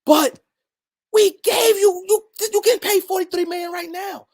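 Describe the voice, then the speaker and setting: A man's voice: very high voice, moderate pace. A man hosting a heated solo sports commentary, repeating his points for emphasis and talking straight at absent players.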